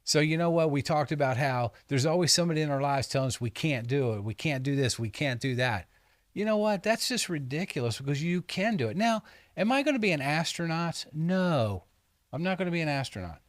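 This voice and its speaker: A man's voice: a little high, lively intonation, a little fast, dry recording, clean studio sound. A man hosting a podcast, talking through a Bible story in a rambling, jokey way with frequent restarts. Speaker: podcast host. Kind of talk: casual Bible discussion.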